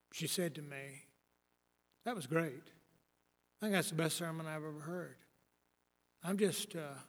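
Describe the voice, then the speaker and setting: A man's voice: a little high, fairly bright tone, big-room sound. A man in his sixties, a preacher giving a rambling, wry and blunt talk on preaching, with many fillers and restarts. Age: 60s. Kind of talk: lecture on preaching.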